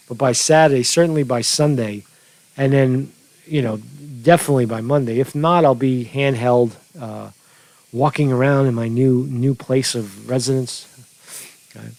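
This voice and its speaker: A man's voice: medium pitch, creaky, darkish tone, dry recording. A man hosting an informal commentary stream, rambling with many restarts and fillers. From New York. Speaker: news commentary host. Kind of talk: casual livestream commentary. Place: home studio.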